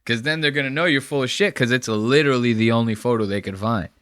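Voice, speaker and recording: A man giving casual, profane reaction commentary, animated and mocking as he talks. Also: medium pitch, fast, clean tone, no room sound, clean studio sound.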